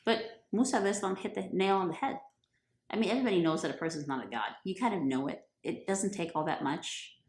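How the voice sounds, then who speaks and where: A woman narrating a religious tale in a casual, joking tone, full of slangy asides. Her voice sits a little low. The recording carries a roomy echo. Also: lively intonation, quick pace, a little mellow. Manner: playful, chatty, slangy. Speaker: storyteller. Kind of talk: casual comic retelling of a religious story.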